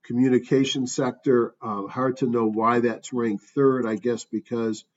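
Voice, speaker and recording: A man's voice: mid-range voice, steady tone, a little slow. A man talking through stock charts in an offhand, thinking-aloud way, with frequent ums and asides. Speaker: stock market commentator. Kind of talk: casual screen-share market review. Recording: dull distant mic with faint noise.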